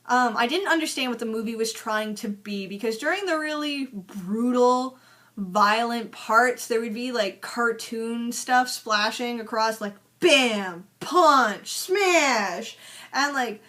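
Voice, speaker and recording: Taking it slowly, a young movie reviewer recaps a film in a casual vlog, her fairly high voice bright and forceful. She's chatty and sarcastic, sprinkling in "like" and profanity.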